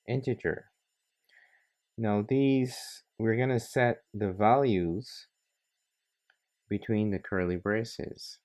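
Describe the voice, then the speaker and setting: A man narrating a coding tutorial, talking methodically through each step. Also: low-pitched. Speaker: programming tutor. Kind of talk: screen-recorded coding tutorial.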